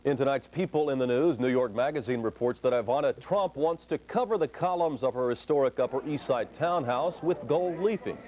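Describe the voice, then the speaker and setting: Male news anchor, steady delivery. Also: mid-range voice, fairly quick, few pauses. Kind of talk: evening news reading.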